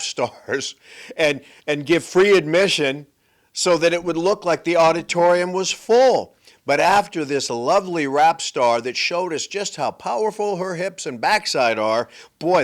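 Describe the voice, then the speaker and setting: A man hosting a political commentary show, delivering an emphatic, sarcastic monologue. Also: a little high. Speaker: host.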